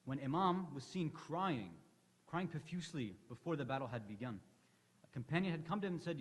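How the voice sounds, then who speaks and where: A man's voice: on the high side, lively intonation, brisk, breathy edge. A man giving a religious lecture in a conversational storytelling way, acting out the lines of the people in his stories. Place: hall of an Islamic center. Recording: long reverb of a hall.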